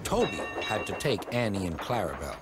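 Expressive male storybook narrator. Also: low voice, normal speed, noisy background. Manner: expressive, playful. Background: music.

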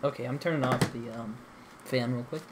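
Speaking briskly at a medium pitch, a young gaming host chats with friends mid-session, meandering and restarting his sentences with plenty of fillers. Background noise is audible throughout.

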